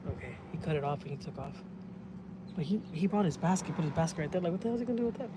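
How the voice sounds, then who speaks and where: A woman, telling stories on a casual livestream in a blunt, profane, animated way. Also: low-pitched, very fast, noisy background. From Houston, Texas. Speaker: family vlogger. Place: in a truck with windows down. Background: vehicle and outdoor ambience.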